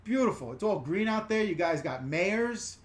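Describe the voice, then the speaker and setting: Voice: medium pitch, animated, normal speed. A channel host from the New York or New Jersey area, chatting casually on a live-stream Q&A and reading viewer comments aloud. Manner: chatty, rambling, reads viewer comments aloud with bright greetings.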